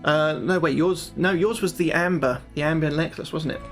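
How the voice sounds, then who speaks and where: A man's voice: fairly high pitch, moderate pace, soft background music. A man reading a fantasy gamebook aloud on a livestream, breaking off for casual, swear-filled chat with his viewers. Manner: chatty, swears freely, talks to his viewers. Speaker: livestreamer playing a solo gamebook.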